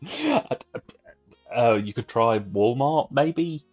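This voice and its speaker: A man's voice: medium pitch, wildly swooping pitch, slow, darkish tone, slightly rough. A man co-hosting a casual live stream, bantering in a dry, wry way. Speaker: stream co-host. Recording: dull lo-fi stream audio with faint music.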